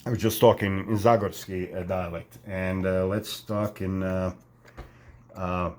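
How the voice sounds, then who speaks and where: A man from Croatia casually explaining accents, halting often with fillers and tag questions. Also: deep voice, little pitch movement, a little hiss or hum. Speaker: vlogger demonstrating accents.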